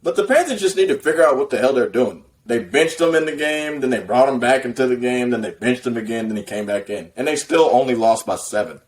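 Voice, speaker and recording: A man's voice: mid-range voice, expressive, fast, hardly any pauses. A man co-hosting a podcast on a video call, talking sports in a laid-back, blunt, slangy way. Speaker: podcast co-host. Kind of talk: casual sports chat.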